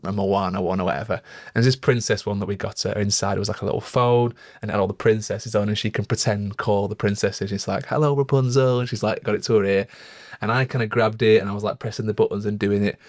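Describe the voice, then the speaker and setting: A man's voice: fairly low pitch, fairly even intonation, fast, hardly any pauses, dry recording, clean studio sound. A young man co-hosting a podcast, telling a parenting story in an earnest, reflective way with lots of fillers. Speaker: podcast co-host. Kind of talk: casual chat.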